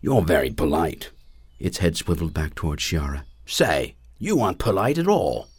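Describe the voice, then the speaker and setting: A man's voice: low-pitched, big pitch swings, normal speed, husky, dry recording, voice pushed down, exaggerated voice. A man voicing a young dragon in an audiobook, earnest and matter-of-fact, asking about princesses. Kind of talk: audiobook character voice.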